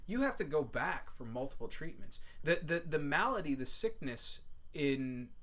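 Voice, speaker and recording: A man, a podcast guest, telling rambling, profane anecdotes in a casual, animated way. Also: fairly high pitch, moderate pace. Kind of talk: casual storytelling.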